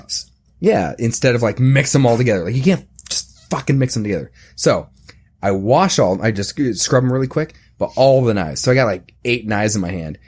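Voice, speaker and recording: A man's voice: medium pitch, lively intonation, brisk, darkish tone. A man in his thirties co-hosting a podcast, laid-back, laughing often and rambling through anecdotes. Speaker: podcast co-host. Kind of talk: casual comedic chat.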